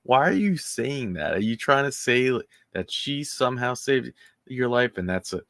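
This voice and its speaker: A man hosting a true-crime commentary show in a casual, indignant and sarcastic way, halting often and restarting his sentences. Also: medium pitch, sing-song, fairly bright tone, dry recording, studio quality.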